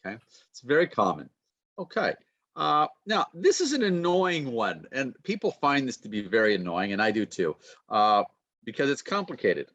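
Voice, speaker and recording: A man's voice: medium pitch, wildly swooping pitch, moderate pace, fairly bright tone, dull audio. A man giving an online pronunciation lecture, chatty and checking in with his listeners. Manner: chatty, peppers talk with "okay" and checks in with listeners. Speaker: university lecturer. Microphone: computer mic on a video call.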